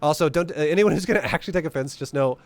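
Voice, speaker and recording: A man's voice: a little high, very fast, dry recording. A man giving casual, profane gameplay commentary, blunt and joking as he explains strategy. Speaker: game commentator.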